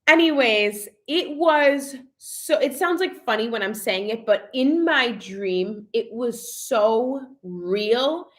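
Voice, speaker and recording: Her fairly high voice is animated but slow, with hardly any pauses, as a young adult woman chats live on her vlog. Emotional and peppering her talk with "like," she reads out viewer comments.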